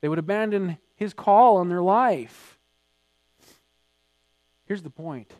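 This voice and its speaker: A man preaching a sermon, emphatic, building to loud acted quotes. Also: sits high, slow, no echo. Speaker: pastor.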